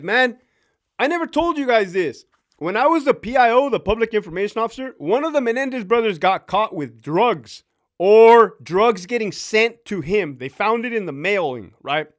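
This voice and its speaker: A man in his fifties, a former prison officer, telling profane stories with lots of laughter on a casual live stream. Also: high-pitched. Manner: profane, laughing, animated storyteller.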